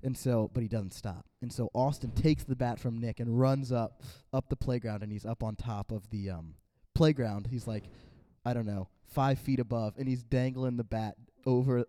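Young male podcast co-host, very dark mellow voice, rambling casual anecdotes. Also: mid-range voice, fairly even intonation, normal speed, hardly any pauses, dry recording, studio quality. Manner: rambling, lots of "like" and restarts. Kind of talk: casual storytelling chat.

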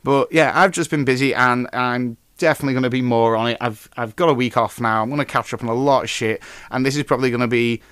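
A man hosting a casual podcast, talking in a mid-pitched voice that rambles between news and personal stories. He swears freely and gets loud and animated once a story takes hold. The sound is dry and close, with no room around it. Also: quick pace, hardly any pauses, clean tone, dry recording. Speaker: podcast host. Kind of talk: casual comic-book news chat and anecdote.

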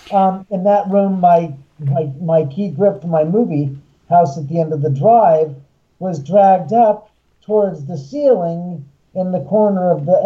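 A man, a haunted house owner and filmmaker, telling an animated story and acting out the voices of the people in it. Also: high-pitched, muffled recording. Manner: acts out quoted voices, excitable.

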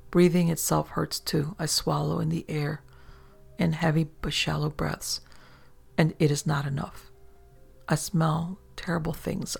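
Man, horror story narrator, very gravelly voice, flat, hushed. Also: a little high.

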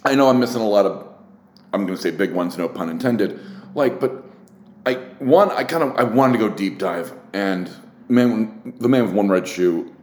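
A man hosts a casual solo show, talking frankly and rambling through restarts with plenty of swearing. His voice sits a bit low. The room around him rings with echo. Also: expressive, moderate pace, darkish tone. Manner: candid, frustrated, getting worked up. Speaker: podcast host.

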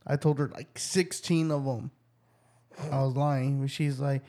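A man's voice: mid-range voice, unhurried. A man in casual crude banter, telling stories with lots of laughter and profanity. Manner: storytelling, laughing, lively swings.

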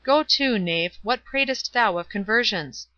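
A woman's voice: medium pitch, expressive, measured pace, dry recording, lo-fi sound. A blustering burly friar, read by a woman. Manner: blustering, loud and defiant. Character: burly, quarrelsome middle-aged friar.

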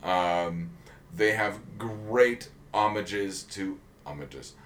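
A man's voice: sits low, extremely slow, a bit bright, a little hiss or hum. A man co-hosting a casual podcast chat, rambling with many ums and restarts. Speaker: podcast co-host.

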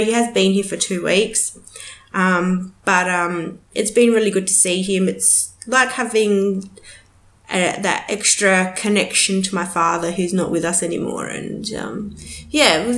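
Chatty woman in a roomy echo. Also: mid-range voice. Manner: rambling, swears freely, many fillers. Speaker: podcast host. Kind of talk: casual solo podcast chat.

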